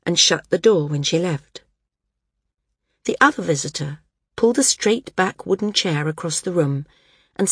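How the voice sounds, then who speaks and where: A woman narrating a fantasy audiobook in a measured, descriptive way. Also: sits low, breathy edge, dry recording, studio quality. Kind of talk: scripted narration.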